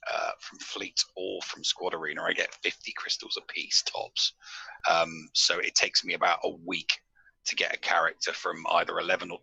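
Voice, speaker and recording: A man's voice: deep voice, vocal fry, pushed and bright, slightly rough, no room sound, poor audio. A man, chatting casually on a live gaming stream and correcting himself as he rambles. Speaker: co-host panelist.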